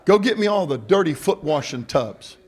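A middle-aged pastor preaching in church, his voice sitting a little high for a man. He drops into easy, joking asides, then climbs into shouted calls that draw answers from the pews. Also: expressive, normal speed. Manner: preaching with call-and-response, building to shouts; humorous, conversational asides. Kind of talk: sermon. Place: church sanctuary.

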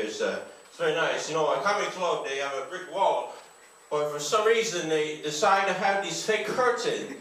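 A man rambles through a profane, absurd stand-up set on a comedy club stage. His voice sits high and bright. The mic catches him from a distance, in a very echoey room with a faint hiss behind him.

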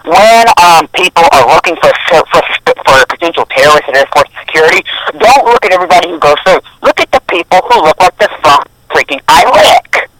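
A man's voice: on the high side, animated, fairly quick, few pauses, a bit bright, a little hiss or hum, rough recording. A young man co-hosting a podcast, rambling and opinionated in casual chat. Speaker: podcast co-host.

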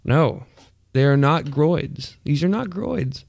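A man's voice: fairly high pitch, expressive, slow, creaky, darkish tone, no echo, clean studio sound. A man hosting a podcast in crude, profane casual chat, often laughing mid-sentence. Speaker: podcast host.

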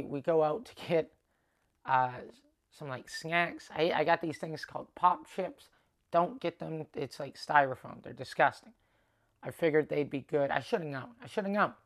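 A man, a stand-up comedian, telling rambling tour stories in a casual monologue, swearing freely and restarting his sentences often. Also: a little high. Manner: profane, rambling, many restarts.

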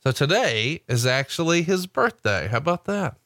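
A man's voice: on the high side, sing-song, normal speed, fairly bright tone, dry recording. Man, upbeat podcast co-host, promotional, casual. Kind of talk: casual podcast chat with ad reads.

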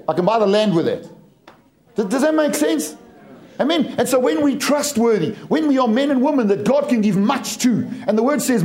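Higher-voiced English preacher. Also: male voice, lively intonation, normal speed, a little mellow. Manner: preaching with humor and storytelling. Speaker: pastor. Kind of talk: sermon.

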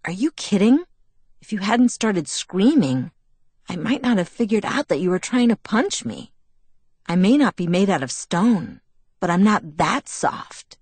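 A woman's voice: medium pitch, big pitch swings, unhurried, darkish tone, slightly rough, no echo. A woman reading the lines of a cheerful, pushy teenage boy, teasing and earnest by turns. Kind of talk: audiobook dialogue.

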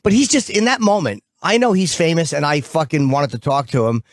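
A man's voice: on the high side, very animated, fairly quick, no room sound. A man hosting a radio show, talking bluntly and profanely, telling stories with animation. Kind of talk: casual radio banter. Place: radio studio.

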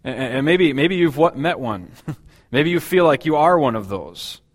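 A man preaching a sermon as pastor, talking in a conversational, halting way with many fillers and restarts. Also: on the high side, expressive. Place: church.

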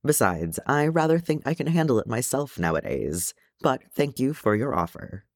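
A man voicing a fretful, tearful male hobbit gentleman who talks in a fussy, flustered, prim way. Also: medium pitch, big pitch swings, moderate pace, no room sound, studio quality, voice pushed up.

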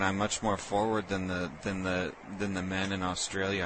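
A low-voiced man runs a crude prank call in a brash, deadpan manner. He sounds forward and unbothered, and clear noise hums behind him. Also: moderate pace, hardly any pauses. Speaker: prank caller and show host.

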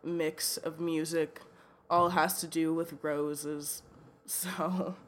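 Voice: mid-range voice, little pitch movement, drawn-out words, a bit bright. Chatty laughing radio co-host. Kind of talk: casual radio chat.

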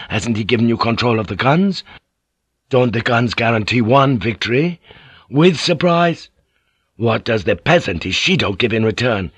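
A shrewd samurai vassal pleads his case with quiet authority, read by a man. He sounds earnest, with a mid-range voice. The recording is dry and close. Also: medium pitch, breathy edge, no echo. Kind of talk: audiobook character reading.

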